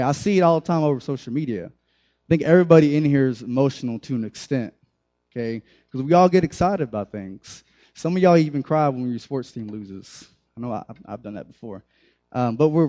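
Young male youth preacher, mellow tone, loose talk to a room of teens. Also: mid-range voice. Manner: conversational, many fillers and restarts, addresses the group directly. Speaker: youth pastor. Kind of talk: casual sermon.

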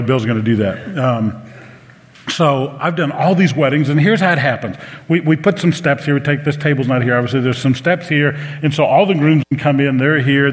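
A man, preaching a sermon in a church and telling personal stories with earnest, emotional restarts. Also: medium pitch. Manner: earnest storytelling, emotional, some stammered restarts. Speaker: pastor. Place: church sanctuary. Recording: live sermon with long hall reverb.

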